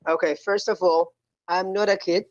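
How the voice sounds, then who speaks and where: A male caller in a heated call-in debate, speaking haltingly and repeating himself as he tries to get a word in. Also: high voice, fairly even intonation. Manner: halting, repeats "okay" and "listen" while trying to get a word in. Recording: dull lo-fi call line.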